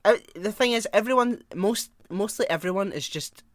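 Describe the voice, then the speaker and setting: A man's voice: high-pitched, moderate pace, no room sound. A young British man co-hosting a podcast, telling an anecdote in casual chat, acting out the quarrel and swearing freely. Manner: animated storyteller, acts out quarrels, swears freely. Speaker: podcast co-host.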